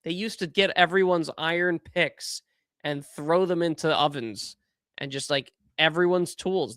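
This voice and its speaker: A young man hosting a podcast, giving casual political commentary in an animated, incredulous way that keeps trailing off and restarting. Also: mid-range voice, creaky, dry recording, clean studio sound. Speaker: podcast host.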